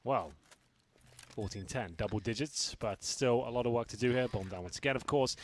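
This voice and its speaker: A man with a British accent giving quick, analytical live match commentary with dry humor. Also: medium pitch, slight background noise. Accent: British English. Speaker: esports caster.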